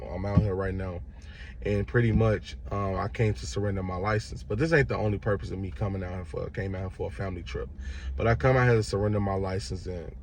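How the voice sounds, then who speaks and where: Young man, low gravelly voice, casual storyteller doing other people's voices, faint background noise. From Chicago, Illinois. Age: young adult. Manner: animated retelling, acts out other voices. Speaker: vlogger.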